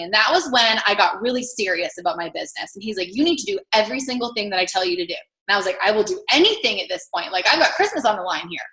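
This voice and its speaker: A woman telling a personal success story in a lively way, acting out the dialogue she quotes. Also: on the high side, echoey room, rough recording. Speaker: business testimonial speaker.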